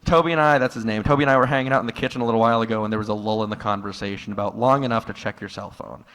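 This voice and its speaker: A man doing a stand-up comedy set in a live room, telling stories in a dry tone that jumps into loud, exasperated outbursts. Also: lowish voice, steady tone, very fast, clean tone. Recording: live room with long hall reverb.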